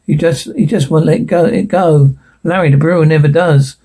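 An actor playing a weary, worried man in a television drama, speaking in an earnest, halting way. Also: a little high, steady tone, warm tone, slightly rough.

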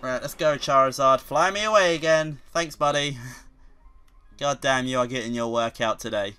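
A man doing video game commentary, excitable and quick to curse, with sudden loud outbursts. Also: mid-range voice, smooth, faint music behind. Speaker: let's play commentator.

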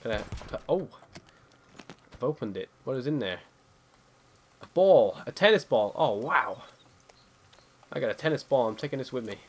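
A man giving casual gameplay commentary as he plays. He gets excited and spooked easily and swears freely. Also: mid-range voice, moderate pace, long pauses, slightly rough. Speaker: let's play gamer.

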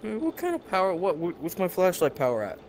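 A young man doing casual let's-play commentary, jumpy and swearing, muttering low and then yelping. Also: wildly swooping pitch, fast, a little mellow, a little hiss or hum. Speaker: gaming youtuber.

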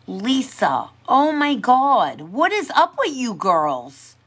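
A woman's voice: on the high side, huge pitch swings, slow pace, fairly bright tone, breathy edge. A woman who works as a pedicure technician, chatting casually on a livestream in a sassy, playful way and laughing often.

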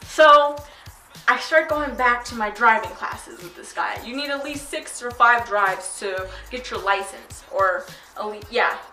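A teenage girl telling a story to her vlog audience in a chatty, animated way. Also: on the high side, measured pace. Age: teens. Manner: chatty, animated retelling with quoted voices. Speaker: vlogger. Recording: echoey room, mic at a distance, faint music.

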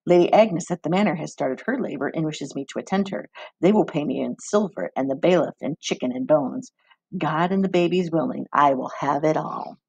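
A harsh, greedy midwife speaks with cold scorn and a gravelly, raspy grain. The voice is blunt and dismissive. A woman reading aloud does her in a dry, close recording. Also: low voice, fairly quick, a little mellow, dry recording, heavily acted. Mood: cold, scornful.

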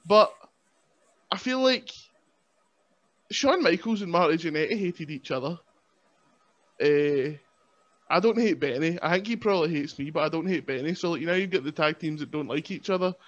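A man's voice: on the high side, expressive, normal speed, long pauses, a bit bright. A man with a Scottish accent chatting as a podcast guest, joking and rambling in a self-mocking way. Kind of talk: casual chat. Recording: lo-fi, dull sound.

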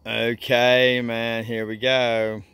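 A man rambling through a casual vlog, drawling "man" and "oh God" constantly and jumping up to high excited squeals. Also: drawn-out words, smooth, dry recording. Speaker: vlogger.

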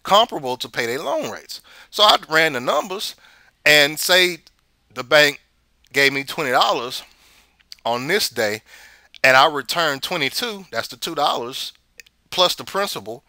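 A man's voice: fairly high pitch, animated, a little slow, pauses often, pushed and bright. A man hosting a casual money commentary show, rambling and repeating words as he tells stories.

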